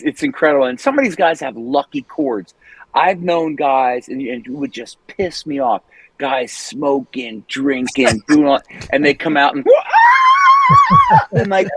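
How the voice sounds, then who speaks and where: Animated man telling stories. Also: medium pitch, creaky, very noisy. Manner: animated storyteller, swears freely, laughs often. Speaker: guest singer. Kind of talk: casual interview chat.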